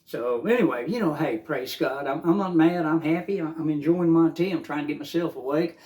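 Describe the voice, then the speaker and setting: An older man with a drawl talks straight to the camera in a loose, rambling morning monologue. He gets fervent and stacks up filler uhs and restarts. His voice sits a little high for a man. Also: fairly quick, a little mellow. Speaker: vlogger.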